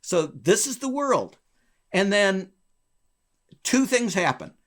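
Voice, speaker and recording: Animated man telling a story. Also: slow pace. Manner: animated, wide pitch swings, chuckles between phrases. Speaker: interview guest, former bank regulator. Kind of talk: conversational storytelling interview.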